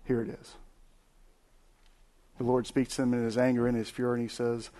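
A man in his forties preaching in a relaxed drawl. He tells stories in a folksy, animated way, stumbling over fillers and restarting his sentences, and his voice sits at a middle pitch. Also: moderate pace, pauses often. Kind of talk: sermon.

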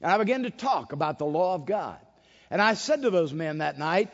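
Male preacher with a fairly high voice, emphatic storytelling delivery, recorded lo-fi in a reverberant hall. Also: very animated, a little fast. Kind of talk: sermon. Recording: dull lo-fi sound with long hall reverb.

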